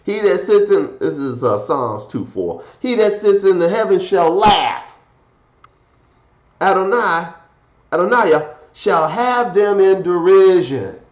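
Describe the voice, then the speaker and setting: A man preaching a fiery scripture sermon, swinging from loud declaiming to low muttered asides. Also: lively intonation, slow, reverberant, muffled recording.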